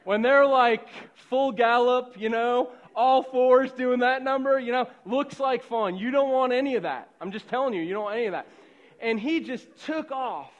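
With a very high voice at normal speed, a middle-aged man from suburban Boston preaches a sermon over lo-fi audio. He tells a story conversationally and loosely, veering from hushed tones to loud ones.

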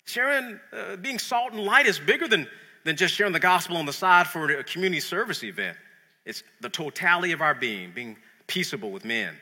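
A man delivers a lively, conversational sermon. His voice sits high and sounds piercingly bright, with a husky edge. A long hall reverb trails every phrase. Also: brisk. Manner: animated, conversational preaching with repeated words. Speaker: preacher.

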